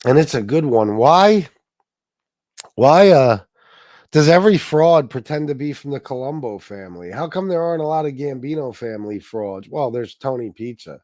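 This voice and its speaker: A man's voice: a little high, darkish tone, no room sound, studio quality. A man hosting a casual livestream, chatting loosely and profanely with viewers and reading their donations, with many restarts. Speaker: livestream host.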